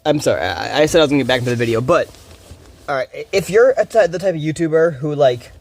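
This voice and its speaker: A man streaming a game, talking fast and rambling with a lot of swearing, a bit groggy from little sleep. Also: a little high, animated. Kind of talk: casual rambling commentary.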